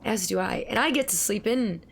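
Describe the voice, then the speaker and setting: A woman's voice: mid-range voice, moderate pace, vocal fry, slight background noise. A woman streaming a game, chatting and rambling to her viewers while recovering from a cold. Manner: chatty, rambling, talks to chat. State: recovering from a cold, voice not at full strength. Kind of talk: casual gameplay commentary.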